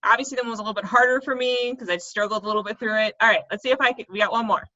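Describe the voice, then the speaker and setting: A woman's voice: a little high, steady tone, rapid-fire, sharp tone, dull audio. A woman teaching a lesson for children, speaking playfully and laughing at herself when she stumbles over tongue twisters. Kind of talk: video lesson for kids.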